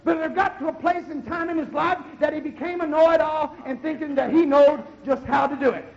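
A man preaching a fiery sermon as pastor, rising to shouted exhortation and dropping low again. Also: fairly even intonation, brisk, lo-fi sound.

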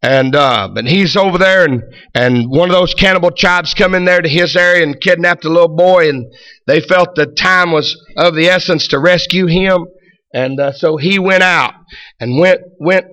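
A man preaching a fervent revival sermon, dropping in amen and hallelujah and building up to shouts. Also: on the high side, no echo. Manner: peppers lines with amen and hallelujah, rises to shouts.

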